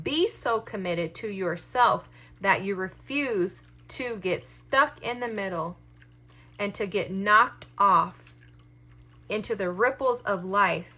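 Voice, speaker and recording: A woman's voice: mid-range voice, pushed and bright. A woman giving a collective tarot reading to her viewers, enthusiastic and encouraging, speaking straight to them. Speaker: tarot reader.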